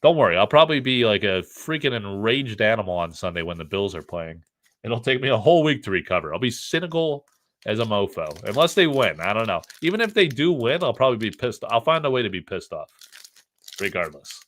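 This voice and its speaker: A man's voice: lowish voice, very animated, brisk, a bit bright. A middle-aged man from the United States hosting a casual live stream, joking, rambling and reading the chat aloud.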